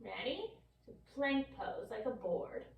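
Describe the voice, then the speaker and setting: A bright, high-pitched woman with a New York accent leads a kids' yoga class with playful, encouraging cues. She sounds a little far from the mic, and her voice echoes around the room. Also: very animated, slow, gravelly, lo-fi sound, a little hiss or hum. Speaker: yoga teacher. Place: yoga studio.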